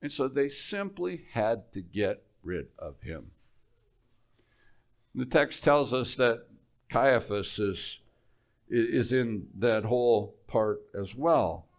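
A male preacher giving a sermon, telling the story in an animated way, repeating words and dropping quiet for emphasis. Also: medium pitch, takes it slowly.

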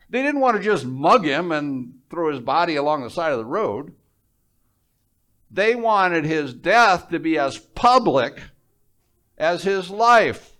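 Animated male preacher. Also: sits high. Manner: animated storytelling, repeats words, drops to quiet emphasis. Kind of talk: sermon.

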